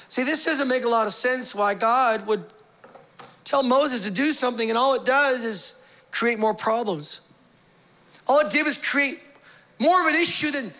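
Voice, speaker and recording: Pastor, man, very high and bright voice, conversational sermon with playful asides. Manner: reads scripture aloud, voicing the quoted figures.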